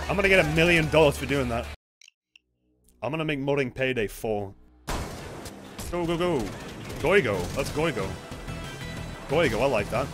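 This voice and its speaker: A high, lively male voice streaming a co-op shooter, bouncing between mutters and loud excitable yelps while he swears at his teammates. Game music and gunfire play loudly behind him. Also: normal speed, long pauses. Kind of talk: live gameplay commentary.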